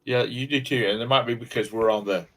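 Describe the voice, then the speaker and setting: A man's voice: medium pitch, fairly even intonation, quick pace, a bit bright, rough recording. A man co-hosting a casual live stream, talking in an easygoing way and laughing often. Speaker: co-host. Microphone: desk mic.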